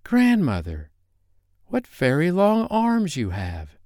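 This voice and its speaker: A man voicing a young girl from a fairy tale in a high, sweet put-on voice. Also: wildly swooping pitch, slow pace, darkish tone, no echo, studio quality, exaggerated voice.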